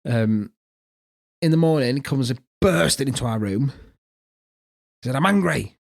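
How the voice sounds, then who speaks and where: A man's voice: medium pitch, a little slow, darkish tone. A man co-hosting a podcast, telling family stories with plenty of swearing and laughter. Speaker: podcast co-host. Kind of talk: casual banter, storytelling.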